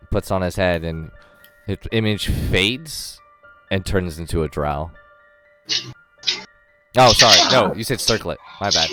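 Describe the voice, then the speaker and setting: A man's voice: sits low, a little slow, pauses often, over loud music. A man running a tabletop game as dungeon master, rambling with lots of ums and self-corrections.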